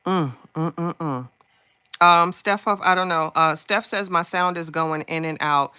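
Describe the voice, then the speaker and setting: Low-voiced chatty gossip host, bright tone. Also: female voice, steady tone, normal speed, smooth, dry recording. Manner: chatty, candid, gets heated and swears. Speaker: live stream host. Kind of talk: casual gossip chat to live viewers.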